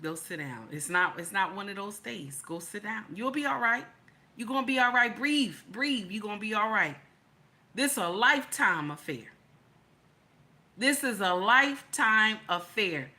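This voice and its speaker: A woman doing her calm, soothing husband. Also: mid-range voice. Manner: slow, gentle, reassuring. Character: calm, soothing husband, middle-aged man.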